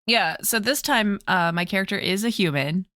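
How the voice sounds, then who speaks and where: A woman player talks about a tabletop game in a relaxed podcast chat, speaking at a moderate pace in a medium pitch. She's chatty, laughs a lot, and tells her stories with animation. The recording is dry and studio quality.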